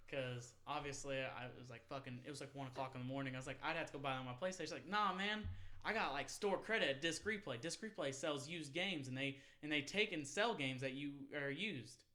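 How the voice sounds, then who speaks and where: A man's voice: medium pitch, quick pace, few pauses, bright, forceful tone. A man in his twenties telling a long party story in casual, rambling, profane chat, often laughing. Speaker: podcast host.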